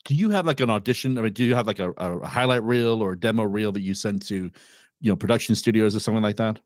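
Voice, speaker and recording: Male podcast host, low voice, direct interviewer; dry sound. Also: fast, no echo. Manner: plain, direct questioning. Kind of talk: interview questions.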